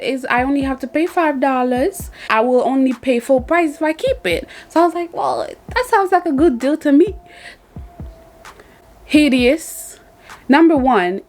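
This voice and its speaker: A young woman reviewing makeup in a casual vlog, chatty and laughing often, repeating words as she goes. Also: a little high. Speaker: beauty vlogger.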